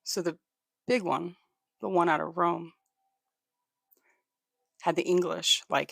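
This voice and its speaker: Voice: mid-range voice, fairly even intonation, slow, gravelly, pauses often, fairly bright tone, dry recording, studio quality. A livestream host telling a history story in a casual way, often stopping to repeat or restart words and to thank viewers.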